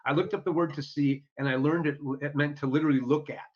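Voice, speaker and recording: A man's voice: on the high side, steady tone, fast talker. Upbeat man telling stories, lo-fi sound. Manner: earnest and upbeat, acting out quoted speech in his stories. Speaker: podcast guest. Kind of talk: casual storytelling interview. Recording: dull lo-fi audio.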